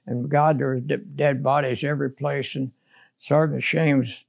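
A man's voice: medium pitch, flat delivery, unhurried, gravelly. An older man, a war veteran, recounting his combat memories in a blunt, plainspoken way during an oral history interview.

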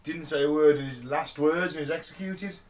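A man's voice: fairly high pitch, fairly quick, distant mic. A man co-hosting a podcast in casual chat, teasing the others and laughing. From England. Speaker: podcast co-host.

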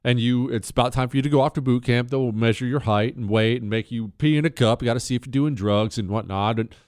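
A man's voice: mid-range voice, quick pace, clean tone, dry recording, clean studio sound. A middle-aged man from Montana, hosting a talk show and telling a personal story in a wry, conversational way. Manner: conversational, wry, animated when shouting drill instructor lines. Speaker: radio talk show host. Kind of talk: storytelling monologue.

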